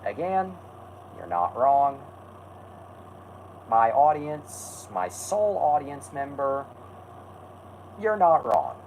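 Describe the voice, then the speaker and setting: A man's voice: medium pitch, big pitch swings, slow, pauses often, darkish tone, slight background noise, rough recording. A man hosting a casual stream, rambling and correcting himself while answering chat. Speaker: host.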